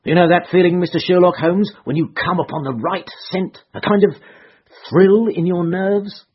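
A man's voice: sits high, moderate pace, slightly rough, lo-fi sound, pitched above the performer's own voice. A man voicing a self-satisfied police detective telling his story in an eager, knowing way.

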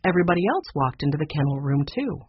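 Husky, lively children's book narrator. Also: male voice, a little high, fast, no room sound, dull audio. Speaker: audiobook narrator.

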